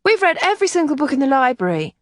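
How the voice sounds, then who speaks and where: A wild and cheerful nineteen-year-old girl, shrill and theatrical, her voice leaping far above the reader's own, as a woman puts her on. Her lines bounce and swoop, close to the mic. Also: very animated, fast, no echo.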